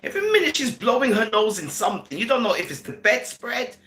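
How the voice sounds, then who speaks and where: A woman's voice: on the high side, sing-song, fast talker, fairly bright tone. A woman vlogger giving casual commentary, giggling between sentences and slipping into Caribbean-style phrasing. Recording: echoey room.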